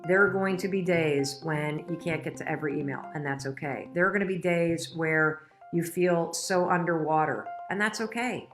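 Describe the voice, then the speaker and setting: Middle-aged woman motivational speaker, deep register, candid emotional delivery. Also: moderate pace, few pauses, faint music behind. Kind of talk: motivational talk.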